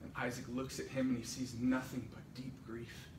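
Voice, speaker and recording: In a church hall, a man with a medium-pitched, level voice preaches a sermon at a moderate pace, retelling a story whose intensity rises and falls dramatically. The recording is noisy and echoey, captured on a distant mic.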